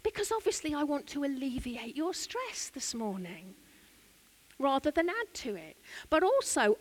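An English woman preaches in a church with a bright, high voice. She tells a family story in a chatty, conversational way. She often turns aside to speak to the congregation. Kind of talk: sermon with personal story.

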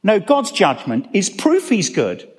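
Pastor guy, middle-aged, funny self-mocking sermon stories, high lively voice, echoey church hall. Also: unhurried. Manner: animated, self-deprecating storytelling.

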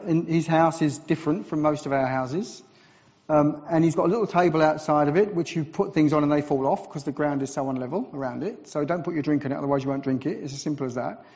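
English man, visiting preacher, animated sermon storytelling, wry asides, fairly high voice, long hall reverb. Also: fast. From England. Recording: dull recording with long church reverb.

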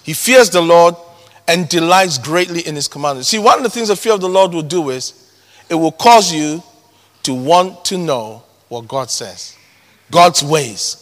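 High-voiced preacher in a hall. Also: male voice, measured pace. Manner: emphatic, repeats key words, swings from loud to hushed. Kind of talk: sermon. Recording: long hall reverb.

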